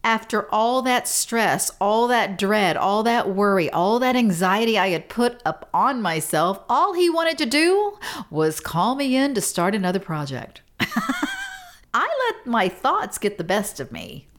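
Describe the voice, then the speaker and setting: A middle-aged woman hosting a podcast, telling a story in a casual, animated, self-deprecating way with frequent laughs. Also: mid-range voice, a little slow. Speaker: podcast host.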